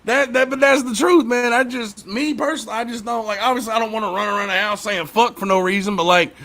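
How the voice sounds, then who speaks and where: Brief: host, high bright male voice, easygoing profane storyteller, lots of laughs. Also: steady tone, fast. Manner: laid-back storyteller, laughs often, says "man". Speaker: podcast host, father. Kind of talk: casual profane chat.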